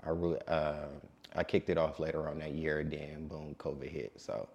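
Man, late twenties, very low voice, calm laid-back DJ guest. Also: moderate pace, vocal fry. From Detroit. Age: late 20s. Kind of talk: casual interview.

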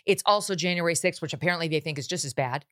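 Sarcastic lady host, kinda low voice, political chat show. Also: rapid-fire. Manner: sarcastic, mocking impressions. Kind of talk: political talk show commentary.

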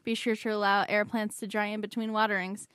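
A woman's voice: medium pitch, level tone, a little fast, fairly bright tone, clear, resonant tone, dry recording, studio quality. A woman co-hosting a podcast in casual chat, reading aloud and easily amused. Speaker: podcast co-host.

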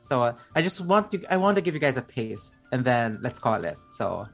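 A man running a tabletop game as game master, narrating in a halting way with many restarts and fillers. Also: medium pitch, very animated, fairly bright tone, faint music behind.

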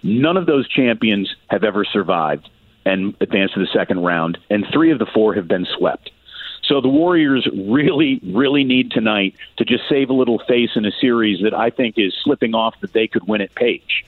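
A man's voice: fairly low pitch, lively intonation, moderate pace, dry recording. A man calling into a sports radio show as a guest, giving blunt, opinionated analysis over a tinny phone line.

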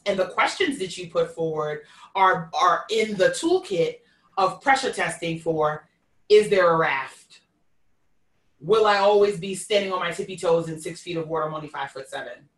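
A woman from New York with a Queens accent hosting a live-streamed conversation. She is expressive and folksy, and she talks to her listeners as "y'all.". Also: fairly low pitch, moderate pace, echoey room, far from the mic. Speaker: host.

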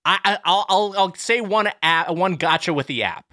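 A man hosting a podcast who explains things in a casual, measured way. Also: high-pitched, pushed and bright, no room sound, studio quality. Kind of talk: casual comedic chat.

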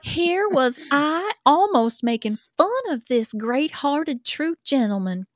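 Slow, expressive woman reading aloud. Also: high-pitched, no echo, clean studio sound. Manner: expressive and theatrical, laughs often. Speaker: podcast co-host reading a classic novel aloud. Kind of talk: dramatic reading mixed with casual chat.

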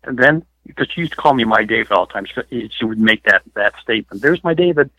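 Talking fast in a fairly low, pushed, bright voice, a middle-aged man, a paranormal investigator, tells emotional stories as a phone interview guest, rambling and filling gaps with fillers. The dry recording has the dull quality of a lo-fi phone line.

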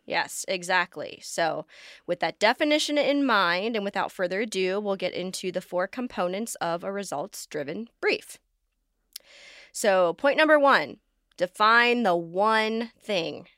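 Female podcast co-host, wry and sarcastic, smooth resonant voice, dry close-mic sound. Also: mid-range voice, lively intonation, measured pace, fairly bright tone, no room sound. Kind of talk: conversational podcast talk.

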